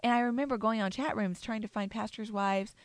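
A woman's voice: on the high side, steady tone, fairly quick, dry recording. A middle-aged woman, a pastor's wife, chatting casually about ministry books and laughing easily as she tells stories. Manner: warm storytelling, laughs easily. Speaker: pastor's wife, podcast co-host.

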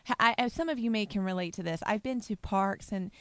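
A woman's voice: mid-range voice, fairly quick, clear, resonant tone, no room sound. A woman co-hosting a casual chat about parenting, earnest, laughing often, acting out quotes. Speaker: co-host, mother.

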